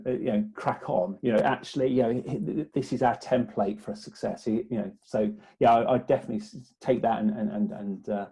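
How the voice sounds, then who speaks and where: Gravelly, mellow-voiced man. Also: medium pitch. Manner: hesitant, many restarts and fillers. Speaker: business development guest. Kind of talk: conversational interview.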